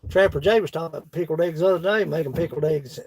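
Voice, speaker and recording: A man's voice: fairly high pitch, fast talker, a little mellow, slight background noise. A man with a Kentucky accent chatting casually with his livestream viewers in a folksy, laughing country drawl. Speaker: woodworking livestream host. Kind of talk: casual chat reading live comments.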